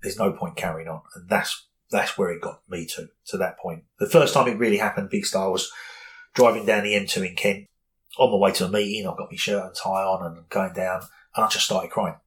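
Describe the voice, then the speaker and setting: Earnest low-voiced man. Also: fairly even intonation, fairly quick, a bit bright, poor audio. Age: 40s. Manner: plain-spoken, earnest, repeats words. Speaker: guest. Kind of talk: candid personal interview.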